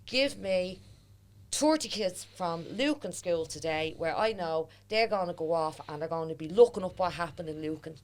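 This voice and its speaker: A woman's voice: fairly low pitch, expressive, moderate pace, a little mellow, a little hiss or hum. A woman with a Dublin accent, a historian and author, chatting as a podcast guest and retelling stories with quoted voices. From Ireland. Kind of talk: casual podcast conversation.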